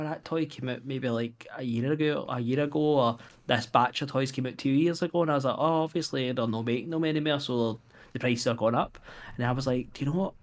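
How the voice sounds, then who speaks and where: A Scottish man co-hosting a podcast, telling stories in casual chat and repeating words as he goes. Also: mid-range voice. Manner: storytelling, laughs easily, repeats words. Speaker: podcast co-host.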